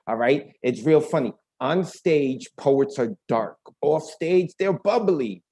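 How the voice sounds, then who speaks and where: A man hosting an online open mic over a video call, chatting in an energetic, slangy way. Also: a little high, slow. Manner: energetic, slangy, talks to the audience directly. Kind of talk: casual hosting banter.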